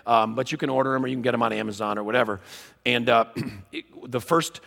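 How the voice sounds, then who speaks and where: A man giving a humorous teaching talk to a live audience, an animated and self-mocking storyteller. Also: medium pitch, quick pace, creaky. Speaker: conference speaker. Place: large conference hall. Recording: long hall reverb.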